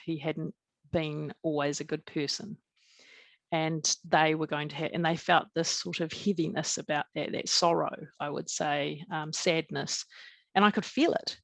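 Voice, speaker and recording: A middle-aged woman with a New Zealand accent, earnestly recounting a personal experience as a podcast guest, halting often with fillers and restarts. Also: on the low side, gravelly, dry recording.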